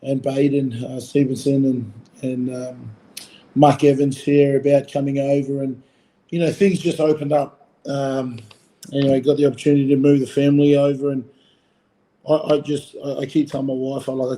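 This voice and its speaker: A man's voice: medium pitch, flat delivery, normal speed, warm tone, rough recording. A man in his forties with an Australian accent, a rugby coach chatting casually in an interview, rambling with lots of fillers and restarts. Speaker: rugby coach, former player. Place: Fiji.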